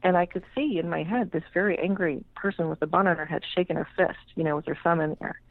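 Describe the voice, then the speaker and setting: A woman's voice: fairly low pitch, quick pace, dry recording. Frank woman storyteller on a tinny line. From United States. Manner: frank, swears freely, acts out quoted voices. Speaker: tarot reader, guest. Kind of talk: casual storytelling interview. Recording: tinny phone-like radio line.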